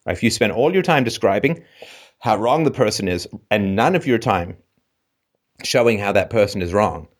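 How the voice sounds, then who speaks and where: A man's voice: on the low side, expressive, moderate pace. A man hosting a call-in show, ranting sarcastically and with animation. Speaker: host.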